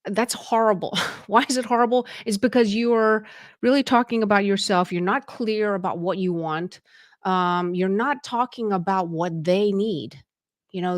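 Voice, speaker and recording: A woman's voice: medium pitch, dry recording, studio quality. A woman hosting a podcast and coaching on leadership, giving casual instructional talk in a conversational way, with many fillers and restarts.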